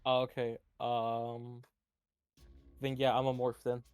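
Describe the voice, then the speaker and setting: A man playing a tabletop game, soft-spoken and unsure, often checking the rules. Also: mid-range voice, monotone, slow pace, smooth, no echo. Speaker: player. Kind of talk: casual tabletop gaming chat.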